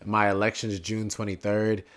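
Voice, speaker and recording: Bright, animated young man rambling. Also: fairly low pitch, normal speed. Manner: animated, rambling, prone to tangents. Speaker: podcast guest, political candidate. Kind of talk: casual interview chat.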